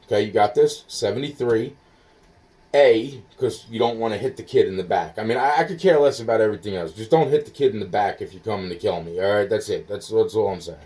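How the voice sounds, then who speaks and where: Rambling man, halting and foggy. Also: on the low side, mellow, distant mic. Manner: halting, filler-heavy, scattered; swears, spells things out slowly. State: foggy, hungry. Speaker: caller. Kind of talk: rambling phone call.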